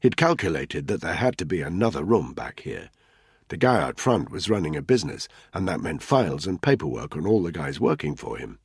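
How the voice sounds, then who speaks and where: A man narrating a thriller audiobook in a measured, tense storytelling manner. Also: low voice, very animated, creaky, slightly rough, no echo, studio quality.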